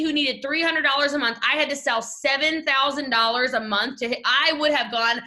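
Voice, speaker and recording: Brief: high-pitched Southern woman, bright tone, gushing team-leadership pep talk from home. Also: normal speed, few pauses. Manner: animated, gushing, talks straight to listeners. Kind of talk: energetic motivational talk on a call. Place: at home desk. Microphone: video call.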